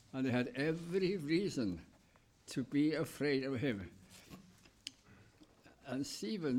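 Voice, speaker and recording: A man preaching a sermon, reading scripture aloud in short, deliberate phrases and explaining it, with the odd cough and throat clear. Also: a little high, a little mellow. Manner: slow, deliberate, pausing between short phrases.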